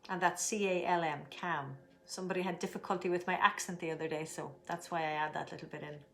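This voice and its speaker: A middle-aged woman leading a guided tapping session, giving slow, soothing instructions and stretching out repeated affirmations. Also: fairly low pitch, fairly even intonation, creaky, a bit bright. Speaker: tapping and breathing teacher.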